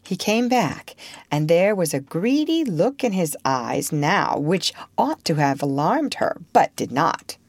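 A woman narrating a storybook in a gentle, expressive way. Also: on the low side, slow, no echo.

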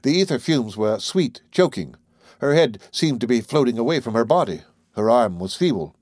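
A man's voice: medium pitch, big pitch swings, moderate pace, darkish tone, dry recording. Man narrating an audiobook, dry and close.

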